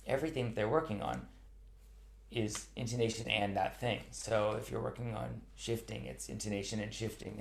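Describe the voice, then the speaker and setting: A man's voice: fairly low pitch, creaky. A man who teaches cello, answering viewer questions in a live online chat in an earnest, thoughtful way, with many ums and restarts. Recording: roomy echo.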